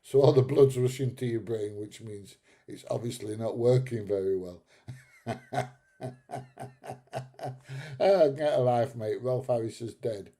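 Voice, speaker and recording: A man's voice: mid-range voice, unhurried, pauses often, mellow. A middle-aged man hosting a live stream, chatting casually and bluntly, swearing and laughing at his own jokes. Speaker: live stream host reading chat.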